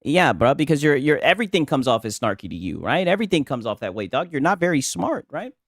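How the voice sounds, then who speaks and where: A man with a lively, swooping voice tears into a clip with sarcasm and profanity, mocking it as he goes. The sound is dry and close, with no room around it. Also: fairly high pitch, quick pace, no room sound. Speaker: reaction streamer. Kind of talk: reacting to a clip, casual commentary.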